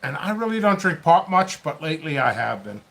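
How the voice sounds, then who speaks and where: A man's voice: a little high, sing-song, fairly quick, creaky, a bit bright. Chatty man rambling in a vlog. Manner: rambling, chatty, talks to himself while working. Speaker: pepper seed seller and channel host. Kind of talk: casual solo vlog.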